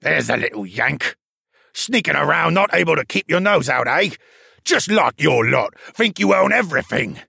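A man voicing a gruff, spiteful older male pub owner who rants and growls at people. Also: mid-range voice, big pitch swings, normal speed, a bit bright, no room sound, studio quality, full character voice. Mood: sneering.

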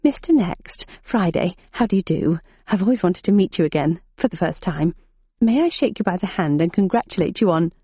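A woman's voice: on the high side, very animated, fairly quick, warm tone, no room sound, voice pushed up. A woman voicing a flustered female registration clerk who apologizes and gushes, chattering on. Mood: gushing. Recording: dull muffled audiobook recording.

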